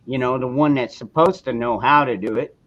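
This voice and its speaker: A man's voice: medium pitch, brisk, fairly bright tone. A man hosting a casual live chat forum, talking bluntly and rambling, with frequent swearing. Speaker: host of a call-in forum. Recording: dull lo-fi sound.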